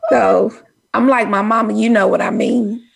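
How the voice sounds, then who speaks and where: A woman's voice: medium pitch, steady tone, moderate pace, vocal fry, crowd noise. A woman with a Texas accent, co-hosting a casual chat in a folksy storytelling way. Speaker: co-host.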